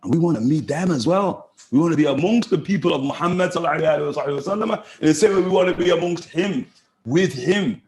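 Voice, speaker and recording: A man teaches a religious lesson in a high, bright voice. He is animated and often laughs, and he acts out the people in his stories. The sound rings around a reverberant room. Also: quick pace.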